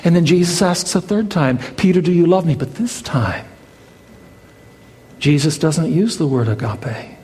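A man's voice: fairly high pitch, animated, unhurried, darkish tone, slight background noise. A male pastor preaching a sermon, dramatic, his voice climbing as he voices the exchange between Jesus and Peter. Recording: long hall reverb.

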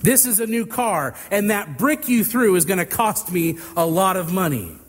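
A man's voice: high-pitched, expressive, moderate pace, pitched above the performer's own voice. A man acting out an angry young male executive who fires indignant questions at a kid, heard with long reverb.

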